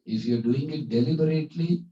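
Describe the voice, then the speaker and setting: A man's voice: fairly high pitch, a little fast. A man giving a devotional class, telling stories in a conversational way with fillers. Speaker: spiritual teacher. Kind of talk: devotional class talk with storytelling. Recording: echoey hall, distant dull mic.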